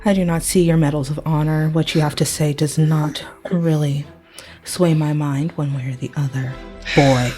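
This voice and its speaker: A woman's voice: low-pitched, fairly even intonation, normal speed, dark tone, soft background music. Dry-humored woman at a tabletop game. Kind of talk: playful in-character game chat.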